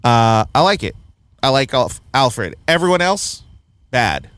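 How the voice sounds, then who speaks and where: A man's voice: mid-range voice, big pitch swings, measured pace, fairly bright tone, no echo. A man hosting a casual film review chat, blunt and opinionated, often laughing at his own points. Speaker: podcast host reviewing a film.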